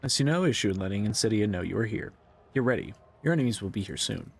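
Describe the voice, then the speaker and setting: A man's voice: fairly low pitch, animated, fast, creaky, breathy edge, heavily acted. A man reading aloud the lines of a cocky, bloodthirsty male gang boss.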